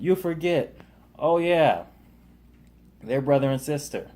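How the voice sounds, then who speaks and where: A man's voice: mid-range voice, expressive, fairly quick, darkish tone. A man casually recapping a TV episode, rambling with lots of fillers and loosely paraphrased quotes. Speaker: TV show reviewer.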